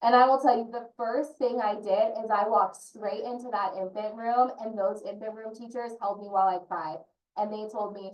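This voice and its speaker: In an online training session, an early childhood consultant talks earnestly and personally from a parent's perspective. Her voice is on the high side and a little fast; the recording is muffled, with roomy echo from a distant mic.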